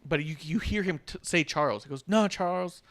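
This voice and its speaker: Podcast co-host, male, slightly higher voice, animated storyteller who acts out quotes. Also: fairly quick. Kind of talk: casual wrestling recap chat.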